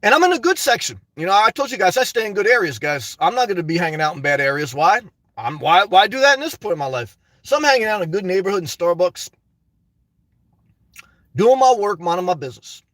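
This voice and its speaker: A man's voice: sits high, big pitch swings, quick pace, fairly bright tone, no room sound. A man venting and telling stories to his viewers in a rambling, casual monologue, often calling them "guys.". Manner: rambling, storytelling, frequent "guys" asides and laughs. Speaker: YouTuber.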